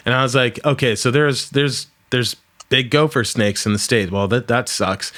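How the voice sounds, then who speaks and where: A man's voice: mid-range voice, moderate pace. A man hosting a podcast, telling stories animatedly and acting out quotes in a casual way. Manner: animated storyteller, acts out quotes loudly. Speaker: podcast host. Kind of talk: casual conversation.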